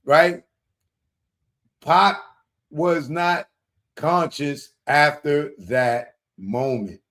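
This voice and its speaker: A man's voice: on the high side, expressive, takes it slowly. A man hosting a live show, commenting on clips and putting rhetorical questions to his audience. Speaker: host.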